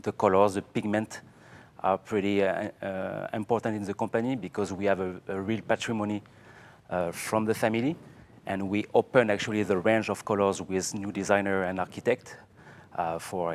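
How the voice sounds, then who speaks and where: A man from Provence with a French accent, speaking haltingly on a panel as a paint company owner. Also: deep voice, steady tone, a little hiss or hum. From south of France, Provence. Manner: halting, many fillers and restarts. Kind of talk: panel talk.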